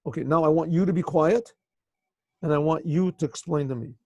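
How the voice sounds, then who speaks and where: A man's voice: a little high, brisk, warm tone, slightly rough, no echo. A man voicing a wise rabbi patiently settling a land dispute in a told story. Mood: calm, firm. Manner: patient, firm instructions. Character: calm wise older rabbi judging a dispute.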